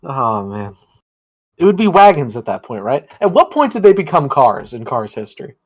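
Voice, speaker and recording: A man's voice: medium pitch, very animated, normal speed. A man co-hosting a podcast in casual chat, joking and laughing often. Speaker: podcast co-host.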